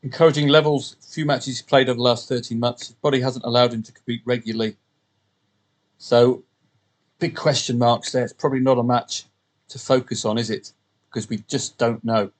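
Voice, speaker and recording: A man's voice: mid-range voice, steady tone, brisk. A male podcast host with a mid-range voice gives casual solo commentary on the day's tipping picks. He rambles and corrects himself on the fly. He throws in off-hand jokes between points. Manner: rambling, with jokey asides and self-corrections. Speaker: podcast host and betting tipster.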